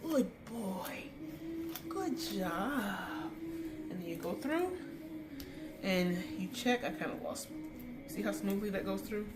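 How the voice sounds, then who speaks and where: A woman's voice: medium pitch, lively intonation, moderate pace, pauses often, over loud music. A woman dog groomer giving a hands-on tutorial, chatty, cooing baby talk at a wiggly dog between her explanations. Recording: roomy with faint background noise.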